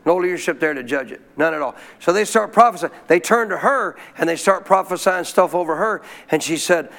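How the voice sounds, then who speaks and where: High gravelly folksy preacher man. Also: brisk, few pauses. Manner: folksy, animated, clears throat often. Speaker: pastor. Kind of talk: storytelling sermon.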